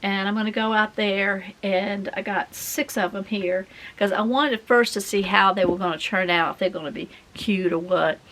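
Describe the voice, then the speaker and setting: A woman's voice: medium pitch, steady tone, normal speed, few pauses, fairly bright tone. A middle-aged woman, chatting in a folksy, rambling way as she works on a craft project. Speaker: craft vlogger. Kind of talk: casual chat while crafting.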